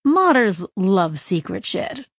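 A woman's voice: medium pitch, sing-song, slow pace, no echo, exaggerated voice. A wry, fun-loving young woman in a storybook, voiced by the woman reading it. She sounds dry and amused, close to the reader's own plain voice, and the recording is close and dry. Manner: wry, playful.

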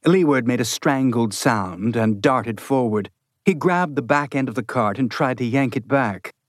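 A man narrates an audiobook in a measured, steady storyteller's voice. His pitch sits in the middle of the range. The recording is close and dry with no room sound. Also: no room sound. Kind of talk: scripted narration.

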